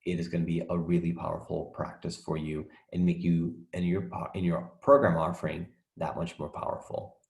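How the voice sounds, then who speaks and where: A man's voice: deep voice, flat delivery, fairly quick, gravelly, hardly any pauses, reverberant. A man teaching a recorded lesson for coaches, enthusiastic, often checking in with "right?" and leaning on "literally".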